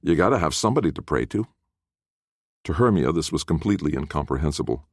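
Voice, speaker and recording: A man narrates a fantasy audiobook with expressive, storytelling delivery. His voice sits very low yet moves with lively pitch swings. The recording is dry, with no room sound. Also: vocal fry, no echo. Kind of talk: scripted narration.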